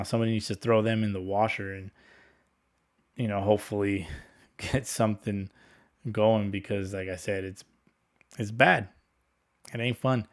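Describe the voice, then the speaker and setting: A man hosting a casual solo sports podcast, talking in a rambling, laid-back monotone with some sarcasm and swearing. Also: fairly low pitch. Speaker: podcast host.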